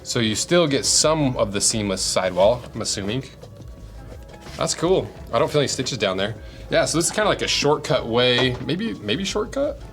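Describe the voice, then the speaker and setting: A man's voice: medium pitch, expressive, moderate pace, a bit bright, faint music behind. An American man reviewing boots in a casual unboxing, thinking aloud and asking himself questions as he goes. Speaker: boot reviewer.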